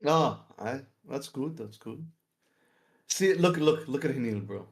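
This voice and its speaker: A man's voice: medium pitch, expressive, a little slow, vocal fry. A man streaming and chatting casually, laughing often as he tells stories.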